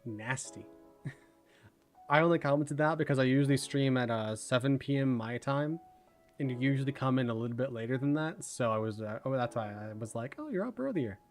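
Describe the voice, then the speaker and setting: A man hosting a livestream, chatting casually and rambling, his words running together when he talks fast. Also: mid-range voice, fairly even intonation, faint music behind. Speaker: livestream host.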